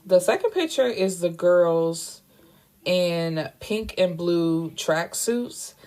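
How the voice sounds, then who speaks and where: Chatty woman recapping a book, fairly low. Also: lively intonation, slow, darkish tone. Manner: candid, chatty, swears freely and adds wry asides. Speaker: book reviewer recapping a novel. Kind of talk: casual spoken book recap.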